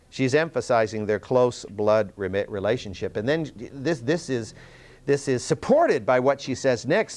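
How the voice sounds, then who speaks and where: A man teaching verse by verse through a Bible passage, explaining earnestly and reading Scripture aloud with emphasis, often pausing to correct himself. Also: mid-range voice, animated, a little mellow. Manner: self-correcting, with restarts and fillers.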